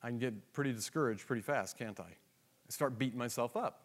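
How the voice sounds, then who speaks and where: A man preaching a sermon, moving between quiet, slow asides and loud, emphatic questions to the congregation. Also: medium pitch. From United States. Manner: acts out dialogue and inner thoughts, laughs often.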